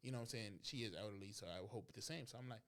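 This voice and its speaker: Man, podcast co-host, casual storytelling, animated, acts out the dialogue. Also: fairly low pitch, rapid-fire.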